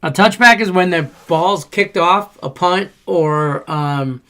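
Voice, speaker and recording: Man co-hosting sports chat, slightly high voice, rambling, swearing, animated storytelling. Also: takes it slowly. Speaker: podcast co-host. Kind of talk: casual sports betting chat.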